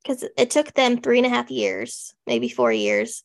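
A young woman co-hosting a podcast, chatting in an animated, sarcastic way and acting out quotes. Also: on the high side, unhurried, gravelly. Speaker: podcast co-host. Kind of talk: casual snarky chat.

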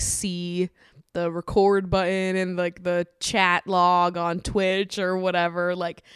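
Hosting a solo podcast, a woman with a fairly low, smooth and clear voice talks loosely and chattily, dropping swear words freely and often breaking into laughter. The sound is dry and close, with no room sound around it.

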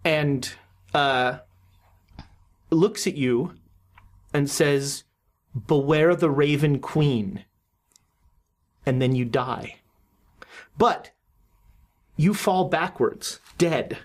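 A game master narrating a horror tabletop game, often pausing and restarting sentences. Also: mid-range voice. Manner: halting, with many restarts and fillers.

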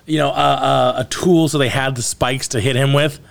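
A man's voice: mid-range voice, fairly even intonation, normal speed, creaky. A man hosting a casual podcast, recapping a show in a loose, rambling way with some swearing. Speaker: podcast host. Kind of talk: casual chat recapping a TV episode.

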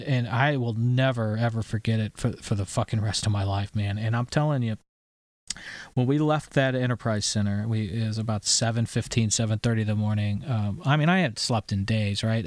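A man's voice: mid-range voice, dry recording. Guy in his 30s telling a long swear-heavy story on his podcast, keeps restarting, dry close mic. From St. Louis, USA. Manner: profane, rambling, emphatic with frequent restarts. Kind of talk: casual storytelling chat.

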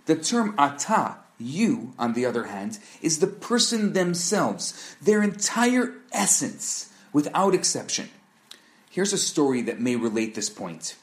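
A man in scripted narration, teaching a Torah lesson in a measured, explanatory way and posing rhetorical questions. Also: a little high, sing-song.

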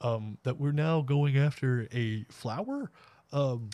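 A man's voice: medium pitch, lively intonation, slow pace, dark tone, no echo. A man voicing a shy, nerdy male half-orc who stammers and apologizes, in a tabletop game. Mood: flustered.

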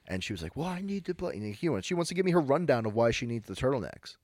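A man's voice: medium pitch, big pitch swings, very fast, no echo, clean studio sound. A young man co-hosting a podcast, rambling through stories, acting out what people said, with lots of "dude" and "bro". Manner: rambling storyteller, acts out quotes, says bro and dude. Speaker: podcast co-host. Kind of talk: casual chat.

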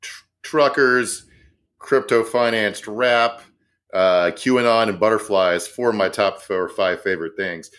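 Fast-talking, profane male co-host. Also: fairly low pitch, a bit bright. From American South. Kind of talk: casual comedic news chat.

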